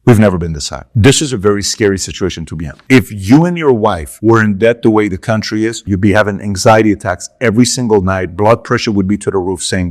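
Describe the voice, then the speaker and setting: A man giving animated political commentary while walking through charts, emphatic and conversational, with repeated asides to the viewer. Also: fairly low pitch, quick pace, hardly any pauses.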